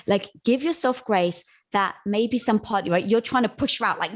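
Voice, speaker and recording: A woman's voice: mid-range voice, normal speed. Earnest, encouraging woman guest. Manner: earnest and encouraging, calls the host girl. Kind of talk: candid conversation.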